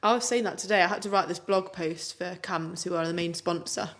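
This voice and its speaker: Chatty young woman, lowish voice. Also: steady tone, brisk. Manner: chatty and upbeat, many "like" fillers. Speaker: podcast co-host. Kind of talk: casual podcast chat.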